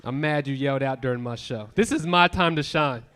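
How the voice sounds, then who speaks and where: A man in his thirties doing profane, animated stand-up comedy on a club stage, bantering with the crowd. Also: mid-range voice, brisk. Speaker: stand-up comic.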